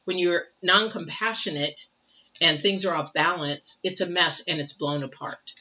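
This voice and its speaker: An older woman does a casual tarot reading in a lowish, bright, forceful voice at a measured pace. She's chatty, repeats herself, and keeps asking rhetorical questions. The recording is dull and lo-fi.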